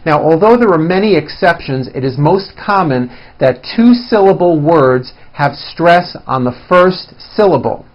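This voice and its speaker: Slow, deliberate male teacher. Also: a little high, animated, highs cut off. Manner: deliberate, exaggerated rises and falls for demonstration. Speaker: English teacher. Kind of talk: scripted pronunciation lesson.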